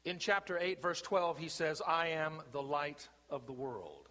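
Male pastor, sermon from the pulpit, bright and forceful tone, slow emphatic delivery, reverberant sanctuary. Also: fairly high pitch, animated. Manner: slow, emphatic preaching with deliberate pauses. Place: church sanctuary. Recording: long reverb of a church sanctuary.

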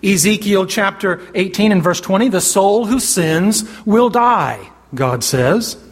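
A man preaches in a husky, high voice with lively intonation, emphatically quoting scripture. He invites listeners to call out answers to his questions, pausing for them, while long hall reverb fills the recording.

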